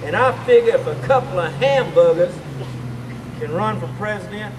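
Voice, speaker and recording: Senator Claghorn, a man doing a booming Southern windbag. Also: lively intonation, normal speed. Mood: blustering. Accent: American Southern. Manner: booming, pompous, repeats "I say", laughs at own jokes. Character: blustery old Southern senator, pompous windbag. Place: front porch and lawn outdoors. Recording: distant camcorder mic, noisy outdoors.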